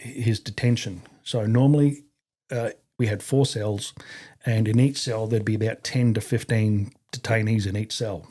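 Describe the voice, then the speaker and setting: Speaking at a moderate pace in a lowish, dark, steady voice, this Australian veteran in his fifties tells stories casually during an interview. He rambles, leans on fillers, and swears without much thought.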